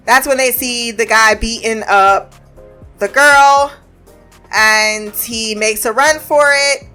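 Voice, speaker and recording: A woman's voice: on the high side, slow pace, pushed and bright, clean tone, soft background music. Chatty woman recapping a TV episode. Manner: chatty, swears freely, acts out characters' lines; laughs often while retelling.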